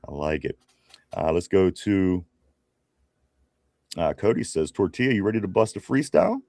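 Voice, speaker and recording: A man's voice: low voice, very animated, normal speed, warm tone, no echo, studio quality. Chatty man reading live chat. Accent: Pittsburgh. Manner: reads viewer comments aloud, chatty, many fillers and restarts. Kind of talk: casual live-stream chat.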